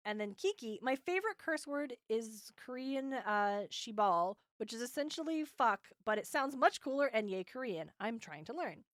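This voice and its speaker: A young woman co-hosts a podcast in casual, rambling chat full of fillers and easy laughter. Her voice sits a little high. The recording is dry and close, with no room sound. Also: animated, moderate pace, few pauses, dry recording. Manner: chatty, many fillers, laughs often. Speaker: podcast co-host. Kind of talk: casual podcast chat, reading listener comments.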